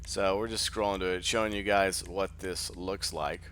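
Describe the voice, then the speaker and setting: This gaming channel host has a low-sitting voice with a steady, fairly bright tone and moderate pace. Just awake and sleepy, he thinks aloud and rambles through casual gameplay commentary with plenty of fillers. Slight background noise can be heard.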